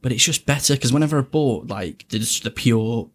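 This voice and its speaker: A man's voice: medium pitch, animated, brisk, slight background noise. A man co-hosting a casual chat, swearing freely, mocking himself and laughing a lot. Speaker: podcast co-host.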